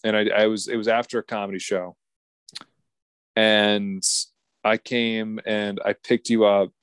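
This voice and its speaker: A man's voice: on the low side, level tone, unhurried, clear, resonant tone, dry recording. A man in his twenties telling a rambling story in a casual podcast chat, swearing and laughing often. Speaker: podcast co-host.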